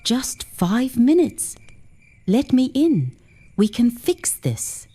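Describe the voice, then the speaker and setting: Woman reading a demanding ex-husband, controlling, raised pitch. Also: sing-song, slow, dark tone, breathy edge, full character voice. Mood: pleading. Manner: pleading then cold and demanding. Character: angry controlling ex-husband, a man.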